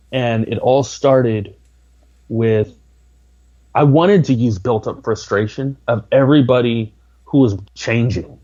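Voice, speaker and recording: A man's voice: medium pitch, measured pace, dark tone, dull audio. A man talking as a podcast guest, rambling with lots of filler words. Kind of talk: casual interview talk.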